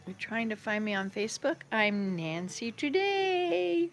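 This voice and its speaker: In a sing-song, measured way, a woman with a slightly high voice hosts a relaxed live stream in her home kitchen. She chats and rambles across topics, replying to viewers' comments as they pop up, while faint music plays behind her.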